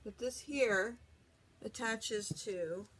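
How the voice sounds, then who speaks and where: A woman's voice: fairly high pitch, drawn-out words, fairly bright tone, slight background noise. A woman hosting a home video, chatting casually and correcting herself as she unboxes a gadget. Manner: chatty, rambling, self-correcting. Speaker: vlog host.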